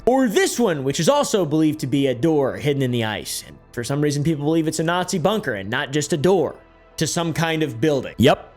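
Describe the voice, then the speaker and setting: Joking man with a raised pitch. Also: very animated, brisk, faint music behind. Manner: sarcastic, joking asides. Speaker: host. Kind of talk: comedic commentary.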